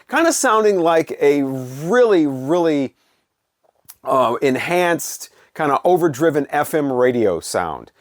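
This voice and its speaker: A man's voice: on the high side, very animated, slow, dry recording, clean studio sound. A middle-aged man giving a casual, blunt, opinionated music review, with frequent fillers and restarts. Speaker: vinyl collector vlogger.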